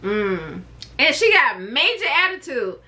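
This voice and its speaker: A woman vlogger and mother telling a personal story to camera in a chatty, expressive way, wandering off on tangents. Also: high voice, a little slow.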